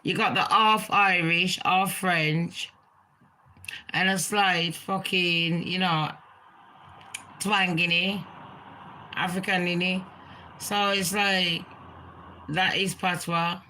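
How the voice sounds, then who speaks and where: Woman, gossip vlogger, unhurried and loose, swears a lot, crisp bright voice. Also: fairly low pitch, fairly even intonation, a little hiss or hum, poor audio. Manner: rambling, swears freely. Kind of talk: casual chat.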